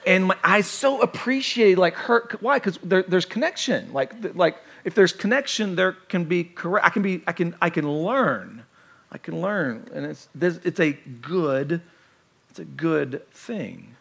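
A man preaching a sermon as pastor, animated and conversational with playful asides. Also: sits high, a little slow, vocal fry, husky.

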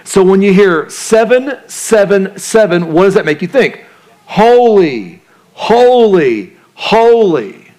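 A man preaching a sermon to a congregation, talking in a relaxed way, asking them questions and joking in casual slang. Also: high-pitched, moderate pace, hardly any pauses. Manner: conversational, asks the congregation questions; uses casual slang and jokes. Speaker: pastor.

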